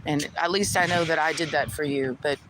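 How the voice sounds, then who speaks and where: A woman's voice: deep voice, steady tone, a little fast, noisy background. A woman vlogger ranting to the camera in an aggrieved, venting way, repeating herself and swearing. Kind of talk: personal rant to camera.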